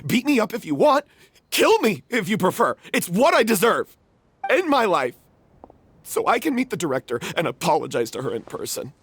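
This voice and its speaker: Game role: remorseful young actor, husky, lively pitch. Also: male voice, moderate pace, dry recording, heavily acted. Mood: despairing. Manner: confessing, remorseful, self-loathing. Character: guilt-ridden young male troupe actor. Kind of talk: game voice acting.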